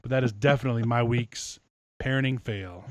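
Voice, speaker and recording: Brief: male co-host, casual, dry self-deprecating storyteller, mid pitch. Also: brisk, dry recording.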